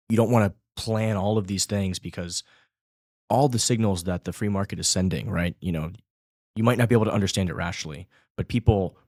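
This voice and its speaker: Very deep-voiced male podcast host. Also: vocal fry, no echo, studio quality. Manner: enthusiastic, lots of agreeing fillers. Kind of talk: casual podcast interview.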